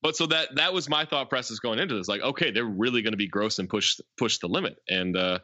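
A man's voice: fairly low pitch, quick pace, pushed and bright, no echo, highs cut off. A man co-hosting a podcast, chatting casually as he recaps a film, with plenty of "like" fillers and a rambling, enthusiastic manner. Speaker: podcast co-host.

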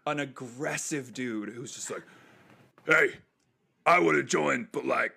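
A man's voice: medium pitch, slow pace, vocal fry, slightly rough. A man from the United States, a comedian and military veteran, chatting casually on a podcast and acting out other people's lines as he tells his stories. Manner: animated storyteller who acts out other people's lines.

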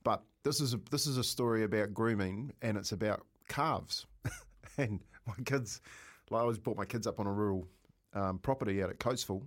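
A middle-aged man with a New Zealand accent, co-hosting breakfast radio and telling a rambling story with lots of laughs. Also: fairly quick. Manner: animated, laughing, raises pitch for quoted voices. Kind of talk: casual storytelling.

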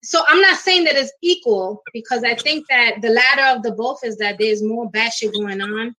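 A middle-aged woman, a guest on a talk show, telling a personal story in an emotional, animated way with acted quotes. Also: a little high, normal speed, rough recording.

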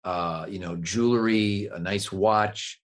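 A man guest telling a long joke in a casual, animated way, laughing often. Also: lowish voice, slow.

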